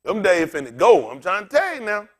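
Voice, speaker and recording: The bald, aging pastor has a high voice and speaks a little fast. Telling jokes and addressing the congregation directly, he gives an animated, humorous sermon in a conversational tone.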